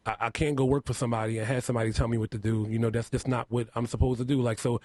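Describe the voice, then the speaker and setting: A man's voice: medium pitch, flat delivery, rapid-fire, a little mellow, dry recording. A man with a lisp, a guest on a casual radio interview, talking candidly, laughing often and repeating himself. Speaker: interview guest, makeup artist. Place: radio studio.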